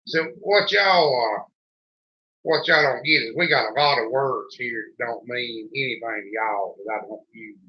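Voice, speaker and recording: Speaking at a moderate pace in a mid-range voice, a man hosting a homesteading show drawls folksily in a thick rural North Carolina Southern accent during casual chat. The recording sounds dull and lo-fi.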